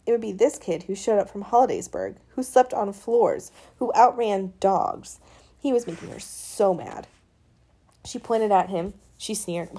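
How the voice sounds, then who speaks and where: Woman narrating an audiobook, mid pitch. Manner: lively storytelling, voices characters. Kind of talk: scripted narration.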